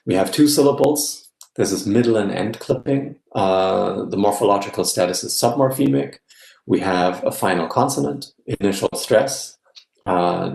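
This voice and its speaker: A man giving an academic guest lecture in a measured way, often checking in with "yeah?". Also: on the low side, gravelly, a little mellow, reverberant, low-quality recording. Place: live-streamed online talk.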